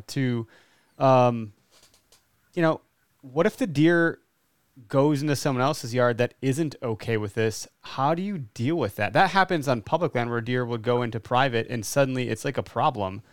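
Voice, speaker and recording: A man hosts a casual podcast, his voice smooth and clear with a dry, close sound. He asks curious questions, joking and swearing lightly as he goes. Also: medium pitch, a little fast, dry recording. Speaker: podcast host.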